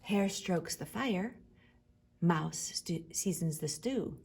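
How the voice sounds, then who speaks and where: A woman reading a picture book aloud to children, expressive, dropping to a hush on the refrains. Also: on the low side, takes it slowly, gravelly, husky. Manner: expressive, with hushed whispered refrains. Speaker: storyteller.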